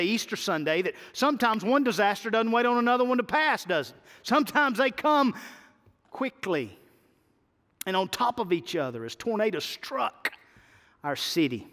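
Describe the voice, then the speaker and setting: A middle-aged man preaches to his church, his voice pitched high as he repeats and presses his points with rising emphasis. The sound carries a long reverb, as from a large sanctuary. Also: fairly bright tone. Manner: preaching with swells of emphasis and repetition. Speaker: pastor. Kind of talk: sermon.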